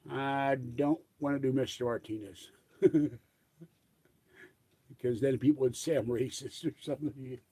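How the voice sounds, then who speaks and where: Husky older man rambling casually. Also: medium pitch, steady tone, measured pace, pauses often. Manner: rambling, reminiscing, trailing off quietly.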